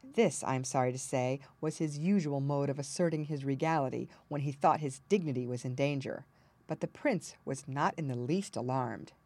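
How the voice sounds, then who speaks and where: Low-voiced expressive woman reading a fairy tale. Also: normal speed, no room sound. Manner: expressive storytelling. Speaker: narrator. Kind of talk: audiobook narration.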